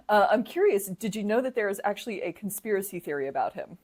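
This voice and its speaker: A woman co-hosting a podcast, chatting in a sarcastic, animated way and laughing often. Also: medium pitch, a little fast, breathy edge. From United States. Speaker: podcast co-host. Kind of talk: casual political comedy chat.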